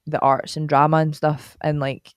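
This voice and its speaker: A woman's voice: sits low, flat delivery, normal speed, dry recording, clean studio sound. A Scottish woman chatting enthusiastically on a podcast, often trailing off mid-sentence. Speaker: podcast co-host, guest sister. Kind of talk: casual chat.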